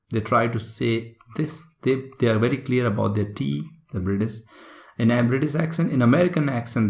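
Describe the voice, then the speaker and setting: A man with a fairly low, gravelly voice delivers a recorded exam-prep lesson. He explains things patiently and keeps checking in with "right?" and "okay?" as he goes.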